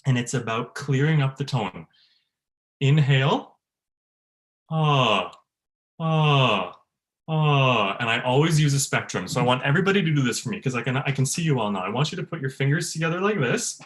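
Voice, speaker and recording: A man, a bass-baritone voice teacher, leading an online workshop for choir singers, laughing often and demonstrating sounds. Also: expressive, fast talker. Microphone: video call.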